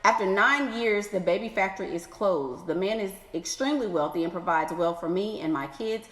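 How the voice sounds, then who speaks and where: Sassy woman in an echoey room. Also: medium pitch. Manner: sassy, exclaiming, playful drawn-out asides. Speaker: advice vlogger reading letters. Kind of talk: animated advice commentary. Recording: echoey room with long reverb.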